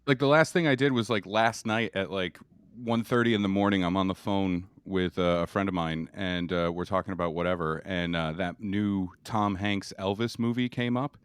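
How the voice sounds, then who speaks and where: A man's voice: low voice, moderate pace, smooth, no room sound. A male comedian guesting on a comedy podcast, telling rambling stories with laughing asides. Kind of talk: casual comedy podcast chat.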